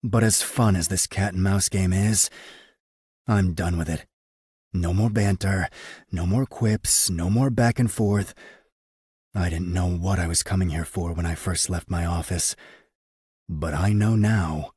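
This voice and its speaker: A man narrating a first-person romance audiobook in an unhurried, intimate, deliberate way. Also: deep voice, darkish tone, slightly rough, no room sound, studio quality.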